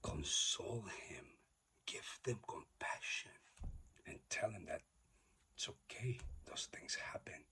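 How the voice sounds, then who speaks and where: Husky low-voiced man preaching in half-whispers. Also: animated, takes it slowly. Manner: emphatic, swings from loud declarations to whispers; repetitive, exhorting. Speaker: motivational speaker. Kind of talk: preachy motivational monologue.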